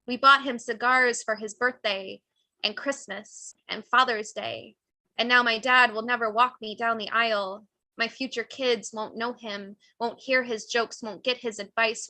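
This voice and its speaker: Bright-voiced woman reading memoir aloud. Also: a little high, no room sound. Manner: intense, raw emotional delivery with swings in pace and loudness. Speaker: author reading her own work. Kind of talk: live reading of personal memoir prose. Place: cafe literature event.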